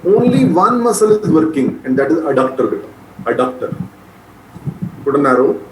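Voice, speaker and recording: A man with an Indian English accent teaching medical students, dictating notes slowly and repeating each point, often calling them beta. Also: a little high, big pitch swings. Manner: repetitive, addresses listeners as beta. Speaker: medical lecturer. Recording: echoey room with faint noise.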